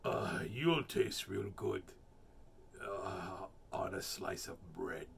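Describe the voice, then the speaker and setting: A man voicing a big, hungry, slow-witted male monster in a storybook reading, talking slowly in a low rumble. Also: creaky, fairly bright tone, slightly rough, full character voice. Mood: lumbering.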